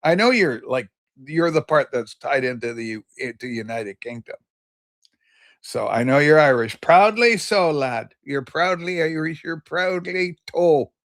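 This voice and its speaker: A man hosting a casual livestream, rambling as he reads out and answers viewer comments. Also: fairly high pitch. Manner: loose and chatty, with many fillers and restarts. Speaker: livestream host.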